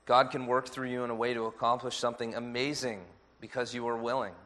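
Guy pastor giving a sermon, steady earnest delivery, medium pitch. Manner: measured, earnest preaching with a lively anecdote.

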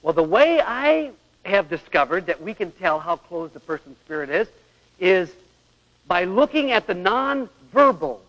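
A man lectures earnestly on marriage, acting out examples and asking rhetorical questions, in a high-pitched, very animated, fairly bright voice that moves a little slowly. The recording is dull radio audio with long hall echo.

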